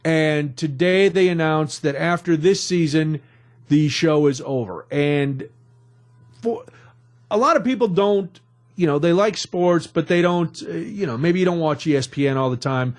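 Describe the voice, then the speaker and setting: High-voiced jokey male radio host. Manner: jokey, rambling storyteller. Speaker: radio talk show host. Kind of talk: casual radio banter and news recap. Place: radio studio.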